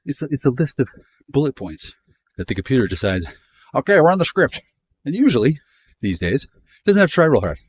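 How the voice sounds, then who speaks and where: A man in his fifties vlogging outdoors, rambling in a profane, sardonic way with sudden jumps in pitch. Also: very animated, a little fast, a little mellow, slightly rough, dry recording. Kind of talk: rambling monologue while walking. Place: outdoors in a neighborhood.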